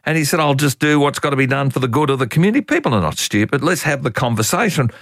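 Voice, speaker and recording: A man's voice: mid-range voice, quick pace, no room sound. An older Australian man hosting talkback radio, talking in a folksy, opinionated and exasperated way. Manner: animated, exasperated, folksy opinionated talk with laughs.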